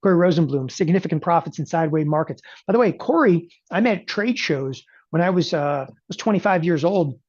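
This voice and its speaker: A middle-aged man giving a casual, emphatic sales talk for a trading event, rambling and often clearing his throat and tossing in "okay?" asides. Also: fairly high pitch, expressive, brisk, hardly any pauses, darkish tone, no room sound, highs cut off. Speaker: trading educator promoting a live event.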